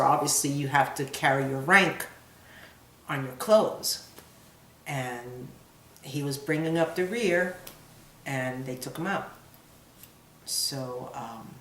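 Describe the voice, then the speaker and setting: A middle-aged woman, a soldier's mother, giving halting, emotional personal testimony in an interview. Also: low voice. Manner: halting, searching for words, emotional. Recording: roomy echo.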